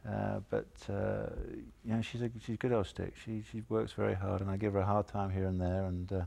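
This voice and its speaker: A man sits in as a guest on a call-in show and spins animated anecdotes in a casual, chatty way. His voice sits low and has a gravelly, fried edge. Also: fairly quick. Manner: animated storyteller, chuckles through anecdotes. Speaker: guest golfer. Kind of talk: casual chat.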